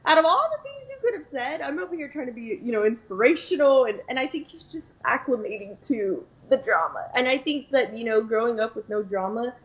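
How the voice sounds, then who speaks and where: A woman's voice: a little high, lively intonation, a little fast, few pauses, lo-fi sound. A young woman co-hosting a podcast in casual chat, filling her talk with "like" and "you know.". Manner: chatty, says "like" and "you know" often. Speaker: podcast co-host.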